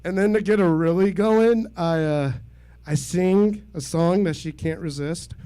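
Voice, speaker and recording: Self-deprecating stand-up comic, high and slow. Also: male voice, clear, resonant tone. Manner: self-deprecating, deadpan delivery with laughs at his own jokes. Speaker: stand-up comedian. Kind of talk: stand-up set at an open mic. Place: small comedy venue.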